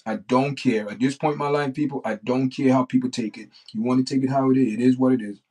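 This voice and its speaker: A man's voice: mid-range voice, fairly even intonation, fast talker, a little mellow. A man hosting a livestream, talking off the cuff in a blunt, repetitive rant that circles back on the same points. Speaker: livestream host. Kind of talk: unscripted livestream monologue.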